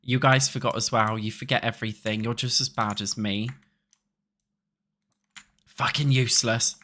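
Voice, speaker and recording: British guy streaming a build, chatty and sweary, bright voice, mid pitch. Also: steady tone, moderate pace. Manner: chatty, swears freely, talks to chat. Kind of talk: casual chat while playing a building game.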